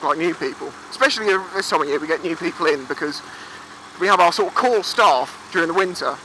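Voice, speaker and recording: Riding his motorbike outdoors by the sea, a chatty English vlogger in his twenties tells casual stories, cursing freely and doing voices for the people he quotes. He has a high-sitting voice with a sharp tone. The recording is low quality, with faint road and engine noise in the background.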